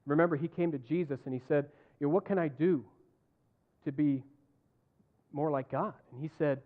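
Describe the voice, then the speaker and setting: A man's voice: a little high, a little fast. A middle-aged man preaching a sermon as pastor, telling personal stories and acting out the dialogue in them. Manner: animated, acts out dialogue in his stories. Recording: tinny phone-like sound.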